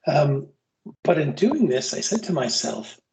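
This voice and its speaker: A man's voice: a little high, big pitch swings, measured pace, gravelly, darkish tone, rough recording. A man teaching EMS providers in a casual, candid lecture that mixes stories with plain talk. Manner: candid, storytelling, casual asides. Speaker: EMS continuing education instructor.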